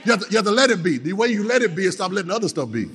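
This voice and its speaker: A man preaching a sermon, leading call-and-response, repeating phrases and swinging from low, quick talk to shouted lines. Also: big pitch swings, a crowd in the background. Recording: long hall reverb.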